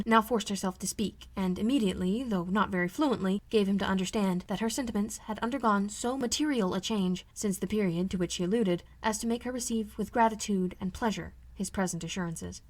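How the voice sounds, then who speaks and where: A woman narrating a classic novel as an amateur audiobook reader, in a measured, steady manner. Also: medium pitch.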